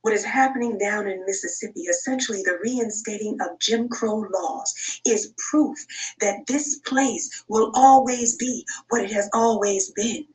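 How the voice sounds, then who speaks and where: A woman reading a prepared commentary in a measured, firm and serious way. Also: medium pitch. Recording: distant from mic.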